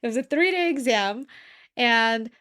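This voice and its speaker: A woman's voice: fairly high pitch, animated, measured pace, bright, forceful tone. A woman in her forties, a lawyer hosting a podcast, telling stories in an earnest, self-deprecating way. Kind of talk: casual podcast chat.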